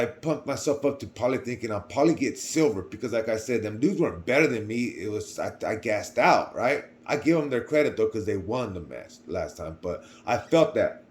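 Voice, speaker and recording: A young man telling a personal story to camera in a casual, rambling way, often repeating himself. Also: fairly low pitch. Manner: rambling, repeats words, swings between quiet and loud. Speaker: vlogger.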